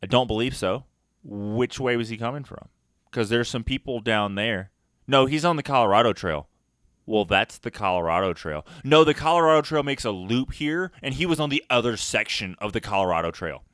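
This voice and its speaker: A man co-hosting a podcast, telling a trail story in a profane, animated way and acting out the exchanges. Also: medium pitch, normal speed, smooth, no echo, studio quality. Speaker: podcast co-host. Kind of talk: casual chat, storytelling rant.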